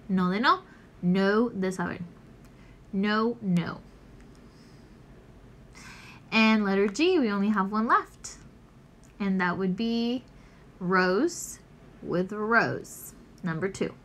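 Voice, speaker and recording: A woman teacher recording a lesson, slowly and patiently explaining each answer step by step. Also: mid-range voice, animated, a bit bright. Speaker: English teacher.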